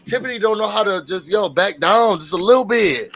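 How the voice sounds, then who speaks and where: A man co-hosting a casual chat, animated, acting out other people's lines with soft gasps. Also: sits high, fairly quick. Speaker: co-host.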